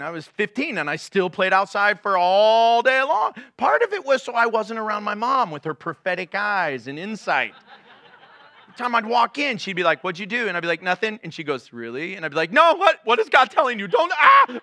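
A middle-aged man preaching a sermon, telling stories in an animated way and acting out the people in them. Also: sits high. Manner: animated storytelling with playful acted-out quotes. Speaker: pastor.

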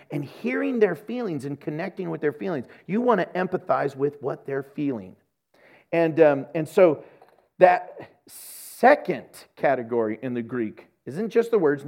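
A male pastor delivering a sermon with a lively, swooping delivery that jumps from soft asides to loud bursts. His voice sits a bit high for a man, and he acts out quoted voices as he goes.

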